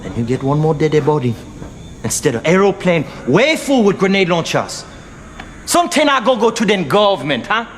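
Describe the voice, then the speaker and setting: A man's voice: sits high, very animated, moderate pace. An actor playing a shady male arms broker who haggles in broken English, in film audio. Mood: haggling. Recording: reverberant film audio with faint ambient noise.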